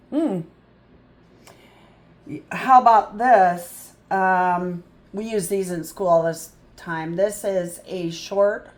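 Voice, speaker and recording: A woman tutor teaching a phonics lesson, sounding out words slowly and thinking aloud in a chatty way. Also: lowish voice. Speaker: reading tutor.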